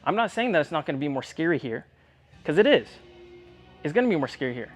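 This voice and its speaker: A man's voice: a little high, very animated, quick pace, soft background music. A man coaching a young athlete one-on-one in a gym, speaking directly and earnestly, often checking whether she believes him. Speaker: tumbling coach.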